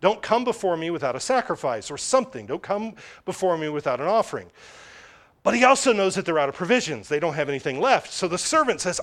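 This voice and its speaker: A man preaching a sermon in a conversational, animated way, often correcting himself mid-sentence. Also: high-pitched, quick pace.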